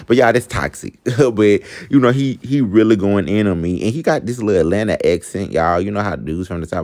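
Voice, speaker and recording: Young man, deep voice, casual storytime vlog, chatty, talks to viewers. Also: animated, a little fast, few pauses, a little mellow. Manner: chatty, addresses viewers as y'all, laughs at himself. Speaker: vlogger.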